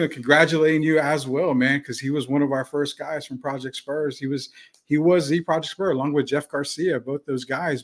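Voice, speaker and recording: A man hosting a casual sports talk show, laid-back and saying "man" often. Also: medium pitch. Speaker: show host.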